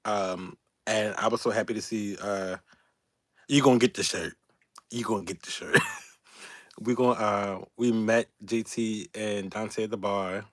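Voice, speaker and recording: Man, animated storytelling, laughing and cussing, dry close sound. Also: lowish voice, a little slow, dry recording. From Baltimore, Maryland. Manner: animated, laughing, profane, quoting others in raised voices. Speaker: YouTube channel host. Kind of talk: casual storytelling livestream.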